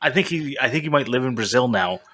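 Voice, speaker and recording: A man's voice: medium pitch, expressive, fast talker, a bit bright. A man co-hosting a casual podcast, joking and rambling, often restarting his sentences. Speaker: podcast co-host.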